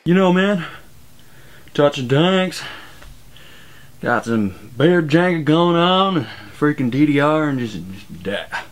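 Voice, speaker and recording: A man sends in a short joking clip, drawling his banter slowly in a bro-ish way. His voice sits slightly high and he keeps the whole delivery laid-back. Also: animated. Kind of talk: casual joking video message.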